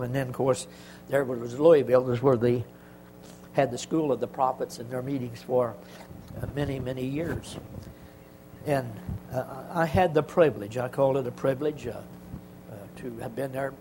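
A man's voice: mid-range voice, a little mellow, a little hiss or hum, low-quality recording. Older man telling rambling church stories. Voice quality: halting, rambling delivery with frequent restarts. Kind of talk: folksy church testimony storytelling.

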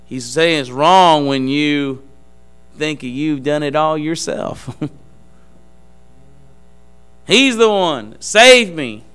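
A man giving an earnest testimony in a church service, speaking in a halting, emphatic preaching style. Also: on the high side, lively intonation, a bit bright, clean tone.

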